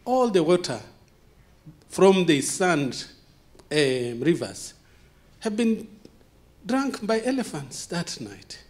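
A man with a first language other than English gives an impassioned conference talk, full of repeated rhetorical questions and dramatic pauses. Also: sits high, big pitch swings. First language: not English. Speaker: conference speaker. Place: conference hall.

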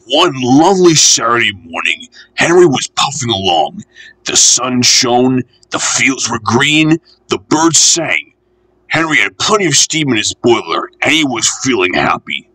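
Slow expressive male storybook reader. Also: mid-range voice, rough recording. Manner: gentle, unhurried and expressive. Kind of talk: reading a children's storybook aloud.

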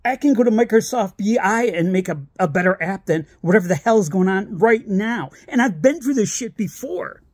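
A man's voice: high voice, expressive, normal speed, few pauses, breathy edge, no echo, clean studio sound. A man ranting in a vlog, exasperated and sarcastic, swearing freely as he complains. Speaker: vlogger.

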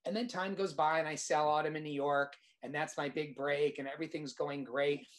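A man's voice: on the high side, brisk. Guy telling a hollywood anecdote, lots of back-and-forth quotes, casual chat. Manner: animated anecdote teller, restarts. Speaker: screenwriter guest.

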